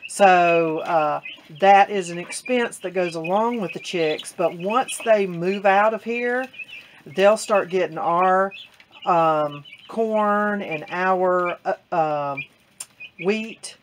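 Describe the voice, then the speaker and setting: Woman homesteader, unhurried, lower voice, halting delivery full of fillers, faint noise behind. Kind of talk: casual explaining.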